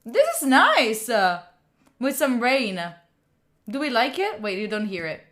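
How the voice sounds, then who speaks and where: A woman's voice: a little high, sing-song, a little slow, fairly bright tone. A woman from Italy hosting a study live stream, chatting playfully with her viewers, laughing and swearing often. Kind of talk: casual live-stream chat.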